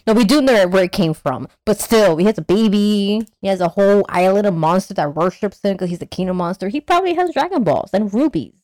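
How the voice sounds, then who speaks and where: A woman in casual chat, animated and joking, acting out monster scenes in high voices. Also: fairly quick, few pauses, no echo.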